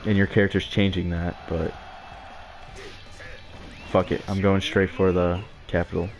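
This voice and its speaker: A man's voice: sits low, level tone, a little slow. A young man giving casual, rambling commentary over his gameplay, with frequent filler words and chuckles. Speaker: let's play gamer.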